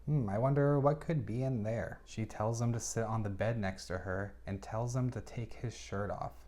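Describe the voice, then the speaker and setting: A man's voice: fairly low pitch, steady tone, moderate pace, a little mellow. A man giving a casual book review, recapping the plot with chatty, exasperated reactions.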